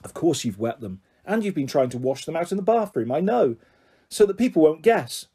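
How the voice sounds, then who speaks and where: A bossy, cheeky young girl in care, as a man reads her part from a storybook. The voice sits a little high, with a mellow, soft and slightly husky tone. She talks brashly, ordering others about. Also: big pitch swings, fairly quick, exaggerated voice. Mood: scornful. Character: bold, cheeky ten-year-old girl in care. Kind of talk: storybook character reading.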